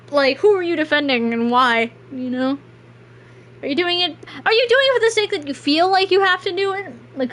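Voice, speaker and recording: A woman streaming a game and chatting casually as the credits roll, rambling and self-deprecating. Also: high voice. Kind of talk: casual gameplay stream chat.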